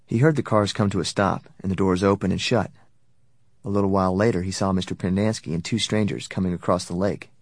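A man narrating an audiobook in a steady, even storytelling manner. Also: sits low, fast talker, no room sound, studio quality. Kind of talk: scripted narration.

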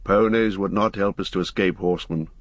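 A grave, watchful ranger speaks low and steady, as a male audiobook narrator puts him on. The voice is husky and the delivery measured. The recording is dry and close. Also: dry recording. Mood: thoughtful. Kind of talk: audiobook character voice.

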